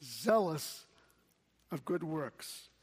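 A man preaching a sermon as pastor, slow and measured, quoting scripture. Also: a little high, lively intonation, slightly rough, big-room sound.

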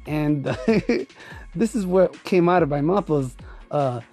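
A man's voice: fairly high pitch, expressive, takes it slowly, darkish tone. Brief: male podcast host, loose and chatty, faint music under him. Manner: rambling, laughs often, swears casually. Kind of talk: casual storytelling monologue.

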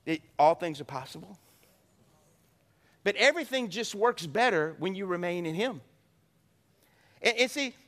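Middle-aged pastor, male, high bright voice, folksy joking sermon with call-and-response.

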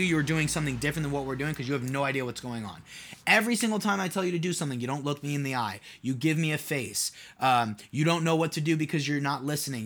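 A man talks through his solo podcast in a loose, casual monologue. His voice sits a touch higher than most men's, and he keeps turning to his listeners with rhetorical questions, padding his thoughts with "like.". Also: a bit bright. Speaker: podcast host and mentor.

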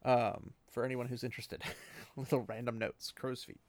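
A man's voice: medium pitch, level tone, moderate pace, no echo. A man casually recapping a fantasy book chapter, rambling with many fillers and small laughs.

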